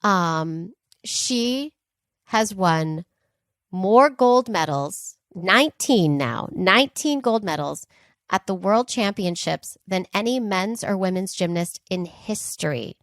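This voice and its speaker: A woman's voice: mid-range voice, slow pace, dry recording, studio quality. Playful woman podcast co-host. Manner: animated storyteller, playful asides. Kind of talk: casual chat.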